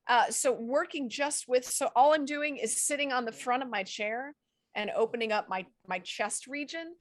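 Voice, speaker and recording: A woman's voice: on the high side, normal speed, dry recording. Encouraging woman coaching voice acting. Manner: explanatory, encouraging, demonstrates as she talks. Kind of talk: casual coaching chat.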